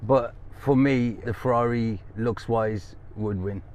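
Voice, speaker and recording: A man's voice: mid-range voice, slow, darkish tone, lo-fi sound. A man, a racing driver, chatting in a modest, laid-back way with short answers. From England. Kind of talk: casual chat.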